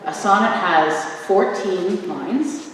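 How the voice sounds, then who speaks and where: A woman's voice: mid-range voice, expressive, takes it slowly. A woman introducing and reciting sonnets at a church event, thoughtful, with fillers and asides. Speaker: reader at a church arts event. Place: church hall. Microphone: room mic from a distance. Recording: echoey church from far off.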